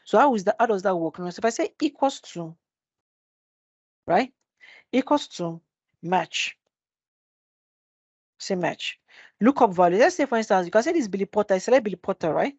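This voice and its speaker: A woman's voice: mid-range voice, lively intonation, moderate pace, pauses often, darkish tone, dry recording. A woman leads a live spreadsheet class over a computer mic. She keeps asking the class rhetorical questions and answers them herself. The audio is dry and a bit muffled. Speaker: Excel instructor. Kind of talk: live screen-share tutorial. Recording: dull dry webinar audio.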